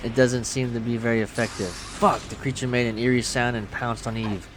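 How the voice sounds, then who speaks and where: A man's voice: mid-range voice, little pitch movement, a little fast, noisy background. A man streaming a horror game, reading its text aloud with crude, joking asides. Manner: profane, joking asides between narration. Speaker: gaming streamer.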